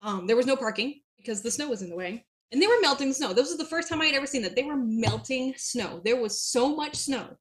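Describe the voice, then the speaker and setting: A woman's voice: high voice, lively intonation, fairly quick, few pauses. A young woman from southern New Hampshire, chatting as an interview guest, with frequent fillers and laughs. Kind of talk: casual interview chat.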